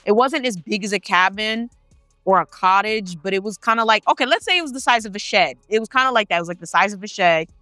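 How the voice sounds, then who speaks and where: A woman's voice: medium pitch, quick pace, sharp tone, dry recording, studio quality, faint music behind. A woman telling a paranormal story in a casual, chatty way, swearing freely and talking straight to her viewers. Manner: chatty, profane, addresses the viewers directly.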